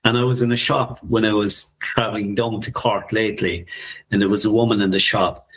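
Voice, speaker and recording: Podcast co-host: man, 50s, husky and lowish voice, reflective and easy to laugh. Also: steady tone, brisk. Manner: soft-spoken, musing, laughs often. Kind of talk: reflective casual conversation.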